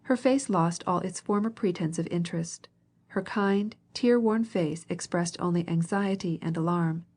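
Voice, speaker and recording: A woman reading a classic novel aloud as an audiobook narrator, in a measured way, gently voicing each character. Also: on the low side.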